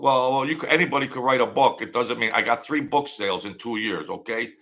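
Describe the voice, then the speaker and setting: A man's voice: medium pitch, a little fast, a bit bright. An older man, host of his own channel, telling a rambling story in a blunt, wary, streetwise way.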